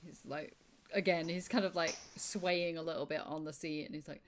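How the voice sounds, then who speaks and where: Casting: woman game master, lowish voice, casual, hedgy storytelling. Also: fairly even intonation, moderate pace. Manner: casual, hedging with "kind of, like". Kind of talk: tabletop game narration.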